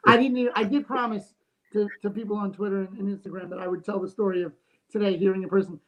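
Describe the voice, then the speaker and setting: Male co-host, animated jokey storyteller, casual livestream chat. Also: high-pitched, quick pace, rough recording. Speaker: comic artist, co-host.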